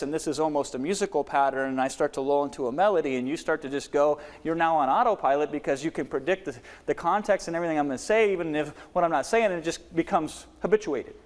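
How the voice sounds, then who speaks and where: A man teaching a live workshop on selling, who demonstrates delivery by swinging his volume, pace and pitch. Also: quick pace, few pauses, big-room sound. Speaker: webinar trainer.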